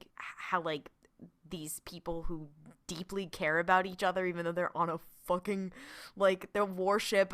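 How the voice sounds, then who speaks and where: A woman's voice: lowish voice, bright, forceful tone, clean tone. A woman co-hosting a podcast, chatting casually and animatedly, swearing and laughing often. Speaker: podcast co-host. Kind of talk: casual chat.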